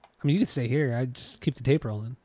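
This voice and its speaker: A man's voice: medium pitch, fast, warm tone. A man co-hosting a casual music podcast, laid-back and swearing freely in conversation. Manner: laid-back, profane, laughing easily. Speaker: podcast co-host.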